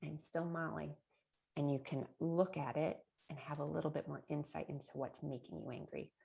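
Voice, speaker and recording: Low gravelly woman giving a parenting webinar. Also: fairly even intonation, a little fast. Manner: chatty, warm with laughs and rhetorical "right?". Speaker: early childhood presenter.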